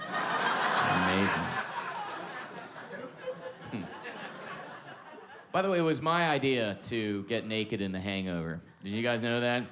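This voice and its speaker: Profane stand-up comic, loud to hushed. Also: male voice, fairly low pitch, a little fast, hardly any pauses, a faint crowd, a little hiss or hum. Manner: loud swings between shouting and hushed confiding; profane, conversational, self-mocking. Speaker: stand-up comedian. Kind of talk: stand-up comedy set.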